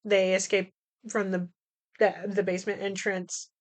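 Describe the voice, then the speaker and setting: A woman's voice: medium pitch, little pitch movement, unhurried. A woman hosting her podcast, casually recapping a film from memory, rambling, swearing freely, laughing and correcting herself as she goes. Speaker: podcast host.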